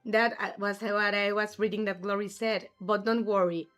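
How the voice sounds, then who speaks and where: A woman live-streams a game and chats casually, answering messages from her viewers in an easygoing way. Her pitch sits in a middling range, and a bit of game music plays softly behind her. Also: flat delivery, moderate pace. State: has the hiccups. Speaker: livestream gamer host.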